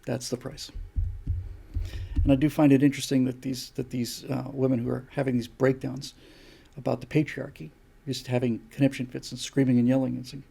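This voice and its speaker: A man's voice: mid-range voice, lively intonation, fast talker, creaky, warm tone, breathy edge. An older man hosting a show, delivering an opinion monologue with emphatic, repeated rhetorical questions. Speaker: show host.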